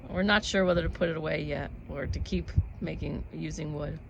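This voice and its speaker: A woman's voice: sits low, fairly even intonation, a little fast, gravelly, lo-fi sound, background noise. A woman musing casually to camera about happiness and freedom. She rambles in an earnest tone, with laughs between thoughts. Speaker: vlogger. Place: outdoors at home with animals.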